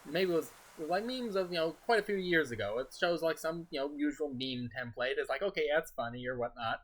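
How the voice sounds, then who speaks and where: A soft-spoken man chatting loosely over a game stream, his thoughts drifting from one tangent to the next. His voice has a bright, crisp edge to it, and he chuckles often between his sentences. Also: fairly high pitch, quick pace. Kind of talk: casual gaming stream chat.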